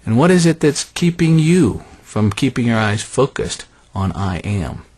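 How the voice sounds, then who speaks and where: A man preaching a sermon in an animated, conversational way, dropping soft and low on key phrases. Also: normal speed.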